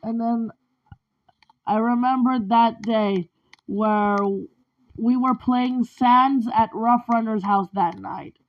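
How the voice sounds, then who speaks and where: A woman's voice: on the high side, fairly even intonation, slow, lo-fi sound. A woman telling a rambling personal story in a vlog, chaining each event with "and then". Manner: strings events together with repeated "and then". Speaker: vlogger.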